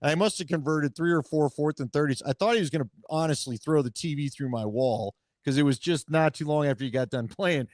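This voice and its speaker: Man, co-host, teasing, storytelling, fairly high voice, dry close sound. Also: fairly quick, few pauses, a little mellow, no echo. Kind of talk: casual chat.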